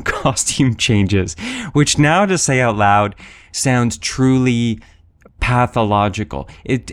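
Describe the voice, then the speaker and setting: A man's voice: mid-range voice, no echo. A man talking through his podcast intro in a rambling, self-mocking way, full of fillers. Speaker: podcast host. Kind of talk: casual solo podcast monologue.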